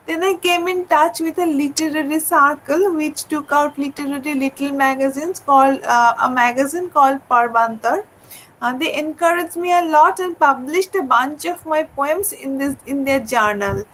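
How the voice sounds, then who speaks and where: A woman with a high, light voice reads her own memoir aloud over a video call. She is earnest and often stumbles and restarts her words. A faint hiss of noise sits under her voice. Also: a bit bright, rough recording. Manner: earnest, with frequent hesitations and restarts. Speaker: poet. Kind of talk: reading a personal memoir aloud in a webinar.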